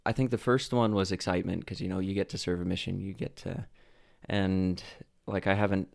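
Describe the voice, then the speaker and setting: Young man from idaho, very deep voice, gravelly, relaxed storyteller. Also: a little fast. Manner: relaxed, laughs while telling stories, many fillers. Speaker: guest. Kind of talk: casual storytelling.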